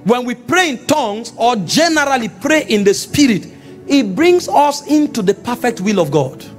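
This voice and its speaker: High-voiced Nigerian preacher. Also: male voice, moderate pace, faint music behind. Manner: animated, rising to shouts. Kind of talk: sermon. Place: church meeting.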